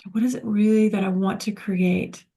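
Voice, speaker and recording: A woman leading a spiritual self-help class, speaking in a gentle, soothing, reflective way. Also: medium pitch, little pitch movement, moderate pace. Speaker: course facilitator.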